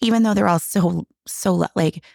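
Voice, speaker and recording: A woman's voice: on the low side, moderate pace, creaky, a little mellow, no echo, clean studio sound. A middle-aged woman telling a candid personal story in casual conversation, emotional and full of restarts. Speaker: guest.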